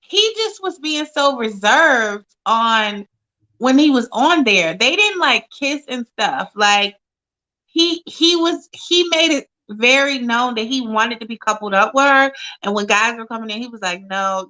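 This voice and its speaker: A woman's voice: on the high side, lively intonation, a little slow, sharp tone, low-quality recording. A woman co-hosting a casual recap chat, agreeing emphatically and repeating her points. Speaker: co-host.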